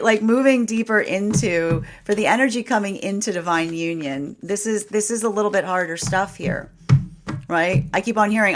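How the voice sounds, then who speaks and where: A woman giving a live tarot reading in a chatty, animated way. She keeps asking "right?" and laughs often. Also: lowish voice, normal speed. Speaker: tarot reader.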